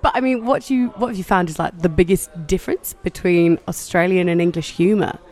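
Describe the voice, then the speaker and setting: A woman's voice: on the low side, a little fast, a little mellow. A woman hosting a podcast interview, enthusiastic and giggly, full of compliments for her guest. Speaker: podcast host.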